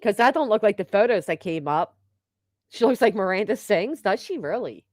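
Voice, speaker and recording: A woman talking straight into a close mic in a dry, dead room, her pitch sitting mid-range. She chats and gossips easily as she reads viewer comments and breaks into laughs. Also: lively intonation, moderate pace, darkish tone, no room sound. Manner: chatty, gossipy, laughs often. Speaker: livestream host. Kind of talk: casual livestream chat reading comments.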